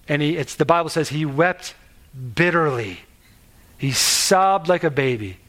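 A man's voice: sits high, a bit bright. A man preaching a sermon in an earnest, conversational way, asking the listeners questions and restarting his sentences. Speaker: pastor.

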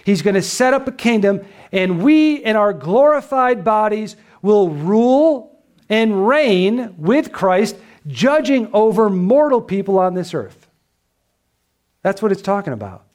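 A man's voice: sits high, big pitch swings, unhurried, a little mellow. A pastor preaching an expository sermon, reading scripture and pressing his points with rhetorical questions.

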